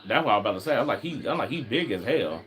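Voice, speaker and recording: Watching a football game, a man comments casually in a rambling, slangy, animated way, often opening with "I was like." His voice is medium-pitched and he talks very fast.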